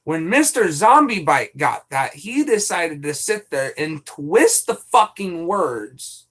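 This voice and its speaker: High-voiced young man venting on stream. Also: big pitch swings, slow pace, a bit bright, husky. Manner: profane, venting, rambling. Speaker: live streamer. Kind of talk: casual stream chat.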